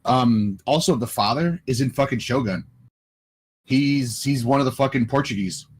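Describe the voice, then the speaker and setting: A man co-hosting a casual movie review podcast, making brief, relaxed remarks. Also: mid-range voice, moderate pace, slightly rough.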